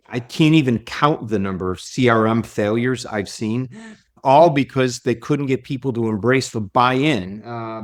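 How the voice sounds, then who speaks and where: A man who works as a leadership coach, speaking as a podcast guest. He tells stories in an animated way and often repeats and restarts his words. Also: medium pitch. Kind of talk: conversational interview storytelling.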